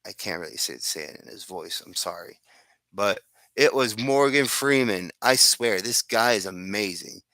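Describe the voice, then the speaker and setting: Rambling amateur storyteller, low voice with a bright edge, dry close sound. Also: male voice, animated, moderate pace, no room sound. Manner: rambling, with restarts and asides. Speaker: fan fiction storyteller. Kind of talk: improvised casual storytelling.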